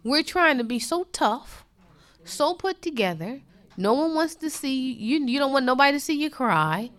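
Woman preacher, sermon, impassioned, rises loud then drops to a hush, high lively voice. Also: moderate pace. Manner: impassioned, swings from loud to hushed.

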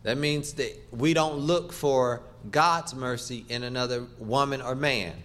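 A middle-aged man delivers a sermon in a mid-pitched voice. His preaching is emphatic and rhythmic, and he builds through repeated questions. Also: steady tone, a little slow, fairly bright tone.

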